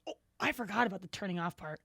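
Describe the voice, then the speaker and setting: A woman's voice: mid-range voice, animated, fast, creaky, fairly bright tone, slightly rough, no room sound, clean studio sound. A woman co-hosting a podcast, telling stories in casual chat with a chatty, giggly manner. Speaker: podcast co-host.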